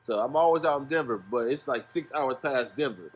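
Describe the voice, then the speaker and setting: A man from Ohio tells a long anecdote in a loose, unhurried way. His voice sits at an everyday middle pitch, and his talk is easygoing and full of slang. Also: a little hiss or hum. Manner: laid-back, slangy, rambling anecdote with laughs. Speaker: guest, music manager. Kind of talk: casual podcast storytelling.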